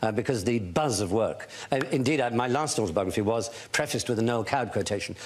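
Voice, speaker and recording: A man's voice: lowish voice, animated, fast. Eloquent man telling a story. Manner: eloquent, theatrical, acts out voices. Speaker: talk show guest, author. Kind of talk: anecdotal storytelling.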